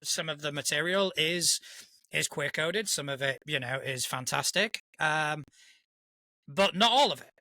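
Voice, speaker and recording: A man's voice: a little high, measured pace, pushed and bright. A man co-hosting a casual live-streamed podcast, earnest and reflective, often restarting with "you know". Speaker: podcast co-host.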